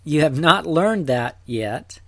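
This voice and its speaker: A man teaching a recorded Greek lesson, talking slowly and deliberately, with fillers and restarts. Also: a little high, expressive, bright, forceful tone, dry recording.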